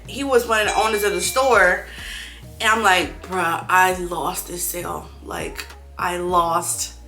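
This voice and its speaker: Bright-voiced young woman venting in a vlog. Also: fairly high pitch, reverberant. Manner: animated, swears freely, acts out her own frustrated thoughts. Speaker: clothing brand owner vlogging. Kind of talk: casual storytelling vlog.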